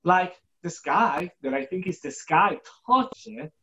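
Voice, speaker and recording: A guest giving an emotional personal testimony, halting and repeating words for emphasis, acting out remembered dialogue. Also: expressive, gravelly, a bit bright, breathy edge, highs cut off. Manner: acts out quoted dialogue with shifting pitch. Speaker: guest telling a personal story.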